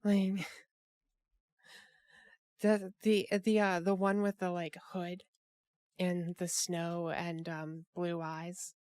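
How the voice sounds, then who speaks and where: A woman hosting a relaxed group chat, her voice sitting a bit low for a woman. She rambles, restarts and fills gaps with "um" and "like". The sound is dry and close, with no room around it. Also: slow, long pauses, dry recording. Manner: rambling, many restarts and fillers. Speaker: podcast host.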